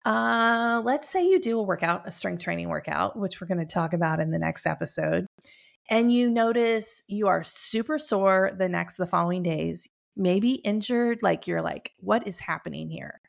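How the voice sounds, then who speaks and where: A woman's voice: medium pitch, normal speed, creaky. A middle-aged woman hosting her podcast in casual, chatty talk, upbeat and laughing often, speaking from a room at home. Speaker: podcast host.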